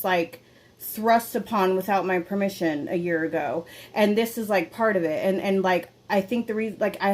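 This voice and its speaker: A young woman talks through a casual podcast episode from a room at home. She rambles with many fillers and curses freely, candid and unpolished. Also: medium pitch. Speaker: podcast host. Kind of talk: casual confessional podcast monologue.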